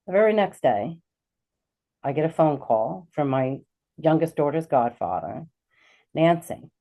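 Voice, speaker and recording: A middle-aged woman, a guest on a talk show, telling a personal story with animated energy and acting out the lines of the people in it. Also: deep voice, measured pace, phone-quality sound. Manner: animated, acts out quoted dialogue. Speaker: guest, intuitive healer.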